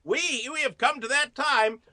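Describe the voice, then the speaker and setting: A man's voice: very high-pitched, unhurried, very noisy. A man hosting a comedy news podcast, telling odd stories with chuckles and stumbling restarts. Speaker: podcast host.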